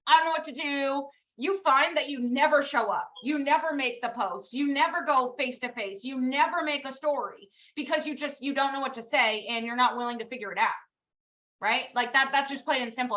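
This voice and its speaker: Woman, bright high voice, blunt pep talk, rapid rhetorical questions, dull lo-fi audio. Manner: swears casually, self-mocking. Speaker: team leader giving a live pep talk. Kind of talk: casual motivational livestream talk.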